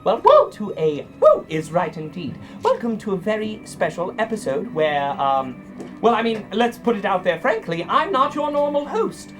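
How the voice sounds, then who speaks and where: A man's voice: high voice, wildly swooping pitch, moderate pace, music in the background. A man who is under the weather and stands in as host and game master of a live tabletop stream, rambling and joking at his own expense. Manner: self-deprecating, rambling, joking. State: sick with a cold.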